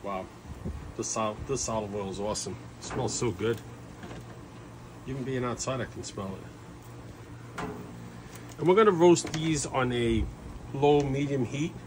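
A man in an easygoing, chatty home-cooking video, pitched in an ordinary middle range. He talks viewers through the steps with frequent fillers and little asides. The audio is caught on the filming camera outdoors, with clear background noise behind him. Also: a little slow, long pauses. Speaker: home cook showing a recipe. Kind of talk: casual cooking demonstration. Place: kitchen, then an outdoor backyard grill.

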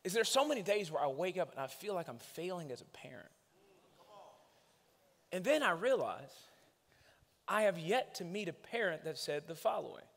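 Male preacher, comedic storytelling, shouted punchlines, long church-hall reverb. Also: high voice, moderate pace, vocal fry, pauses often. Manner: animated storytelling, shouting punchlines, acting out his kids. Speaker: guest preacher. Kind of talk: comedic sermon.

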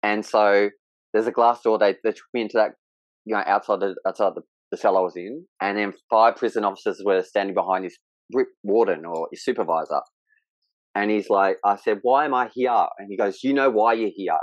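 A man, speaking as a podcast guest in candid conversation, halting and emotional with frequent restarts. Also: on the low side, no room sound, dull audio.

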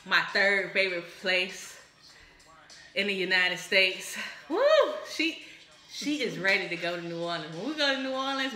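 A woman's voice: medium pitch, bright, forceful tone. A woman hosting a comedy cocktail show, chatting casually and rambling exuberantly as she mixes drinks. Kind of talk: casual comedic chat while mixing drinks. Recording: echoey room.

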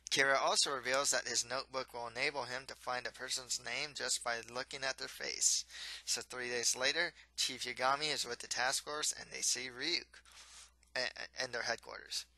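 A man's voice: mid-range voice, sharp tone, no room sound, poor audio. A young man casually reviewing a manga, rambling with lots of fillers and restarts.

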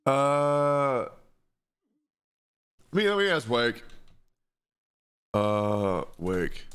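A man's voice: medium pitch, big pitch swings, drawn-out words, long pauses, a bit bright, clean tone. A young man talking casually on a live stream, reading chat questions aloud and answering them with frequent swearing. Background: music playing.

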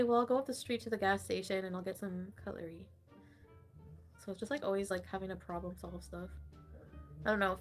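A woman livestreaming in casual, rambling chat, swearing freely and laughing often. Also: medium pitch.

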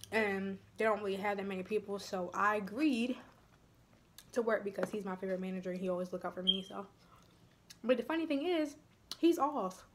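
Chatty young woman vlogger, soft asides. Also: mid-range voice, slight background noise. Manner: chatty, addresses viewers as y'all, drops to soft near-whispers. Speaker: mukbang vlogger. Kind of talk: casual chat while eating.

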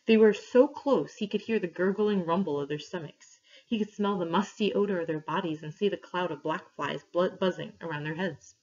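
Woman reading a story to a class. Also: fairly low pitch. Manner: clear, steady reading with pauses for questions. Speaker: teacher reading a story aloud. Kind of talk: read-aloud story for a class. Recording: dull lo-fi recording.

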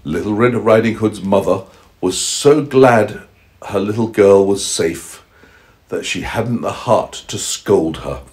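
A man with a low, husky voice reads a bedtime story to a toddler at home. He often pauses to ask simple questions and explain, in a patient, teaching way. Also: darkish tone. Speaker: parent reading a bedtime story. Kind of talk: reading aloud to a small child.

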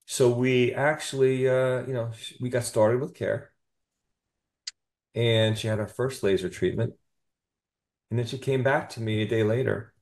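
A chiropractor guest on a podcast, telling a patient story with enthusiasm and often adding "you know" and "okay?". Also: male voice, medium pitch, fairly even intonation, unhurried, pauses often, a little mellow.

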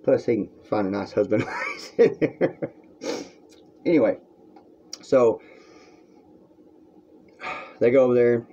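A man's voice: medium pitch, expressive, measured pace, long pauses, mellow. Guy ranting at the camera from his room, crude and rambling, muffled lo-fi sound. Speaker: vlogger. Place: room at home. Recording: dull lo-fi recording.

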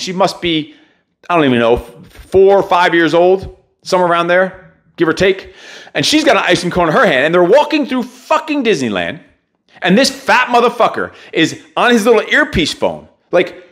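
A man's voice: high-pitched, a bit bright. A man hosting a motivational podcast, talking in a blunt, heavily profane and emphatic rant. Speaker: podcast host.

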